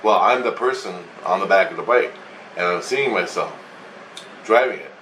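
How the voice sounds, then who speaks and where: A man's voice: deep voice, moderate pace, pushed and bright. A man casually recounting a dream, meandering and swearing freely as he goes. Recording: echoey room, distant mic, faint hum.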